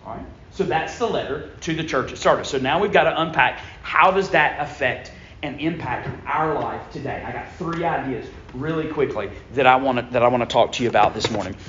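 A man preaching a sermon in a church, emphatic, swinging from loud bursts down to low, quiet lines. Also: a little fast, few pauses, a little hiss or hum. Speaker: pastor. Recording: echoey room, dull lo-fi sound.

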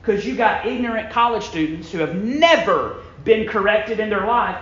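A man preaching a sermon in a church, emphatic, swinging from loud bursts down to low, quiet lines. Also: expressive, normal speed. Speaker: pastor. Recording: echoey room, dull lo-fi sound.

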